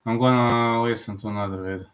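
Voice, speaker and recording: A man talks casually on his live stream at a middle pitch, rambling and repeating himself. His English has non-native phrasing. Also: fairly even intonation, fast talker, a bit bright. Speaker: streamer host.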